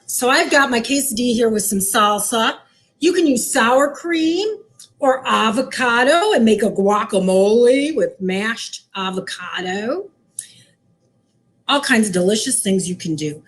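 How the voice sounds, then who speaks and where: A woman's voice: fairly high pitch, a bit bright, a little hiss or hum. A woman librarian showing children how to cook, talking cheerfully in a sing-song way. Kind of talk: cooking demo for kids. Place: library lounge.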